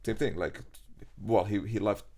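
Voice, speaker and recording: A young man from Iraq with an Arabic accent, chatting casually as a podcast guest, animated, with many fillers and restarts. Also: lowish voice, moderate pace. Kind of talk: casual conversation.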